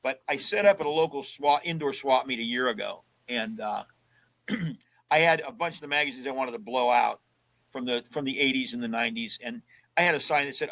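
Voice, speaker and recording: An older man sits in as a guest, telling long casual stories in a folksy way. He acts out the voices of the people he talked to as he goes. His voice sits at an ordinary middle pitch. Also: a little fast, fairly bright tone, poor audio. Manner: folksy storyteller who acts out both sides of past conversations. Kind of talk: casual storytelling interview.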